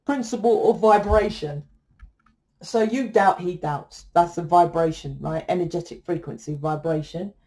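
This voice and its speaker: A tarot reader gives a casual reading to camera in a somewhat low, darkish voice at normal speed. She's blunt, swears freely, and keeps ending her points with "right?".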